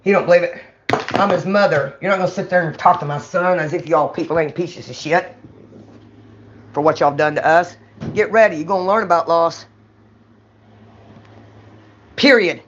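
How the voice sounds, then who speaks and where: A woman's voice: fairly low pitch, a little fast, a little hiss or hum. A middle-aged woman from Mississippi with a Southern accent, rambling bluntly and profanely to camera in a confessional vlog, voice rising at times. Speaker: vlogger. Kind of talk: raw confessional monologue to camera. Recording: dull lo-fi recording.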